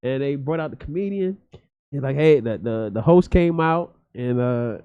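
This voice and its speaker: A man's voice: medium pitch, animated, moderate pace, clear, resonant tone. A man from Philadelphia, a guest comedian, telling stories in a loose, profane, rambling way full of fillers. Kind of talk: casual storytelling chat. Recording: dull lo-fi podcast audio.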